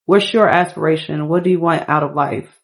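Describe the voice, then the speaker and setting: A woman's voice: deep voice, fairly quick, gravelly. A woman voicing an earnest, easygoing young man on a date in a laid-back, reassuring way. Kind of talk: playful character voicing over gameplay.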